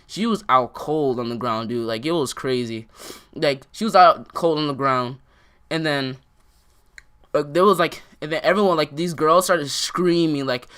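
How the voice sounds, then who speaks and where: A man's voice: on the high side, a bit bright, clear, resonant tone. A young man telling a story to the camera in casual vlog style, rambling with lots of filler words. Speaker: vlogger.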